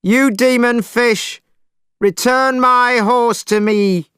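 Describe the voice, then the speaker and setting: A man voicing a brash, hot-tempered male monkey hero in a storybook reading, shouting and scolding. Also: high voice, expressive, takes it slowly, smooth, dry recording, clean studio sound, pitched above the performer's own voice, heavily acted. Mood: angry shouting.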